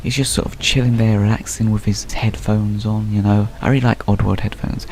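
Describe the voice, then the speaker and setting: A young man talks through a game trailer in a loose, chatty way, thinking out loud and filling his pauses with ums and you knows. His voice sits fairly low and carries a gravelly fry. A faint hiss runs underneath. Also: fairly even intonation. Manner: chatty, musing aloud with many fillers. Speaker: video game commentator. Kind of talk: casual trailer analysis.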